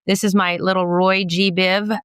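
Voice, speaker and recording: A woman's voice: lowish voice, little pitch movement, smooth, dry recording. Playful woman lecturing on eye science. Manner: jokey, teacherly, quick asides and wordplay. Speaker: optometrist and professor giving a guest lecture. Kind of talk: playful explanatory talk to a host.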